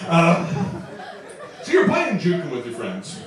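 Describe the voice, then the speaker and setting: A man's voice: on the high side, huge pitch swings, takes it slowly, a crowd in the background. A man in his twenties performing a stand-up comedy set on a club stage, chuckling through his own jokes. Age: 20s. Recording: echoey club, distant mic, audience.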